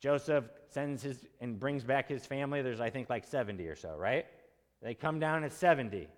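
Male preacher, casual teaching sermon, mid-pitched voice, long hall reverb. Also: lively intonation, moderate pace. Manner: conversational, asks the congregation questions, acts out quotes in casual voices. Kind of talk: expository sermon.

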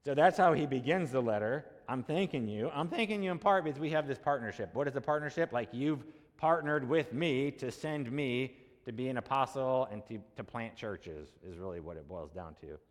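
A man's voice: medium pitch, expressive, normal speed, in a large hall. A male pastor preaching a sermon, teaching in a conversational way and using many repeated rhetorical questions.

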